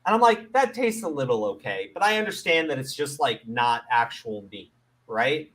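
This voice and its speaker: A Middle Eastern man with a medium-pitched voice talks at a normal speed while hosting a casual commentary show. He rants with plenty of swearing, laughs often, and stammers whenever he restarts a sentence, keeping things profane and animated.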